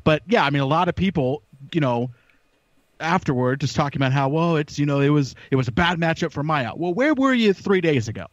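A man's voice: on the high side, fairly quick, no echo. A man as a podcast guest in casual chat, opinionated and rambling with frequent restarts. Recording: dull lo-fi call audio.

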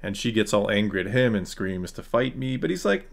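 A man's voice: fairly low pitch, very animated, fairly quick, creaky. A man recapping and critiquing a TV episode in a casual, sarcastic, frustrated way. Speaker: YouTube reviewer.

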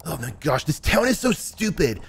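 A man's voice: a little high, sing-song, moderate pace, fairly bright tone, soft background music. A man voicing a sulky, defiant teenage superhero boy who complains and whines. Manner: whiny, complaining, petulant.

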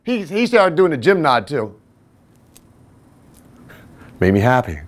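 A man's voice: a little high, takes it slowly. A fitness trainer and podcast host telling a casual, self-deprecating story, acting out the other people's voices as he goes. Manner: animated, self-deprecating, acts out quoted voices.

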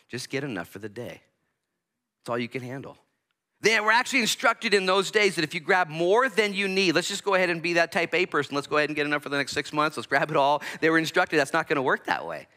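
Bright-voiced pastor preaching a sermon. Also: male voice, fairly high pitch, quick pace. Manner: animated preaching with acted-out voices and sudden loud outbursts. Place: church sanctuary.

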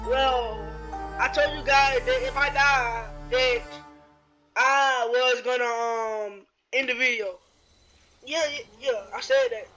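A man giving rambling, excitable let's-play commentary, yelping and shouting at the game. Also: very high-pitched, takes it slowly, soft background music. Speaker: gameplay commentator.

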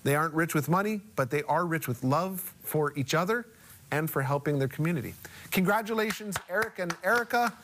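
A TV show host reading out a community kindness award in a measured, upbeat way, then bantering with his co-host. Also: fairly high pitch, animated, fairly bright tone. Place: TV studio.

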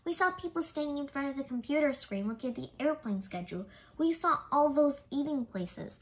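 Clever girl detective, calm and thinking things through, as a lady reads her, kids' book voice. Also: high-pitched, brisk, voice pushed up, rough recording. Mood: thoughtful.

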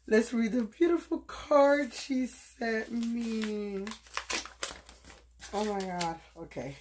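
A woman vlogging casually from her bed, gushing and excitable as she opens a gift box, with lots of fillers. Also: medium pitch, slow pace, pauses often, a little hiss or hum. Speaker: YouTube vlogger. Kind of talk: casual unboxing vlog.

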